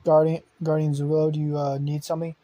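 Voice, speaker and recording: A man voicing a brisk, officious male government contact who asks pointed questions. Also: on the high side, fairly even intonation, mellow, lo-fi sound, close to an everyday voice. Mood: demanding.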